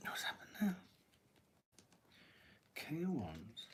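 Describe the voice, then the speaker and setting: A man giving a live-stream tarot reading, thinking aloud as he draws cards and often clearing his throat. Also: on the high side, big pitch swings, takes it slowly, noisy background. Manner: musing aloud while drawing cards, frequent throat-clearing. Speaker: tarot reader.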